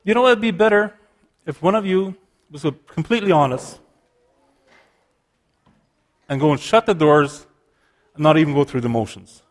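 A preacher delivers a sermon in a somewhat high-pitched voice, explaining scripture earnestly. He speaks at normal speed with long pauses, restarting phrases as he works through a point.

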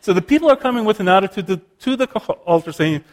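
A man delivering a sermon with a somewhat high-pitched voice. He explains scripture earnestly and restarts phrases as he works through a point. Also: expressive, fast talker. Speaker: preacher.

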